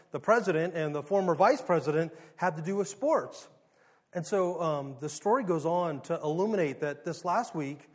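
A middle-aged man, a pastor, giving a sermon in a conversational way, with rhetorical questions and sudden rises in volume. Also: a little high.

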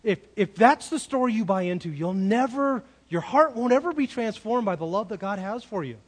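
A man's voice: high voice, lively intonation, normal speed. Earnest preacher man in a reverberant hall. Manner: earnest, asks rhetorical questions. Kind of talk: sermon. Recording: long reverb of a large hall.

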